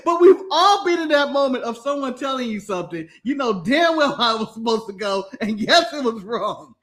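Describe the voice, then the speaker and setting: A man co-hosting a podcast, chatting casually, animated and often laughing as he mimics people. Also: very high-pitched. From United States. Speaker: podcast co-host.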